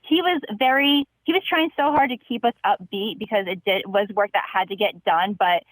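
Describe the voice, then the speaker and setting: A woman's voice: medium pitch, normal speed, no echo, poor audio. A young woman calling in to a show, telling a grim story in a chipper way and laughing through it. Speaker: caller. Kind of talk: phone-in storytelling.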